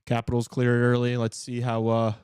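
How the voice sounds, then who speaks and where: A man hosting a casual live talk show, reacting to a hockey game with excited outbursts and jokes. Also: medium pitch, brisk, clean tone, no room sound, clean studio sound. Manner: excitable, shouts at big plays, joking. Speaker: podcast host watching a hockey game.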